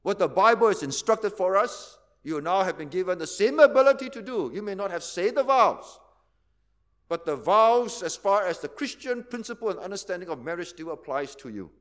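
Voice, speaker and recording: A man's voice: high-pitched, lively intonation, moderate pace, a bit bright. A male pastor, preaching a teaching sermon, asking rhetorical questions and repeating key words for emphasis.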